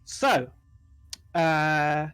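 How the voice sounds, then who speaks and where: A game master narrates a tabletop scene in a loose, rambling way, stopping often on fillers. His voice sits slightly higher than most men's. The sound is dry and close. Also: extremely slow, fairly bright tone, clean tone, dry recording.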